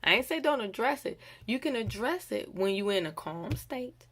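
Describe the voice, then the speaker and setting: A woman giving a casual devotional talk, animated and acting out quoted voices. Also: on the high side, normal speed. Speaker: bible study teacher.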